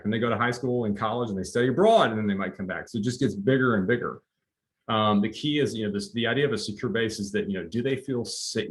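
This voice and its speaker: A middle-aged man gives a leadership webinar talk in a conversational way, full of fillers and restarts. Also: on the low side. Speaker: leadership coach.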